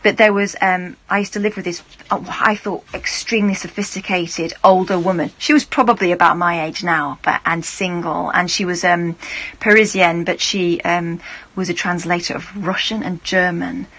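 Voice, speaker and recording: A woman's voice: fairly low pitch, steady tone, normal speed, fairly bright tone. A woman, co-presenting a radio talk show in casual, wry chat. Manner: chatty, storytelling, wry asides.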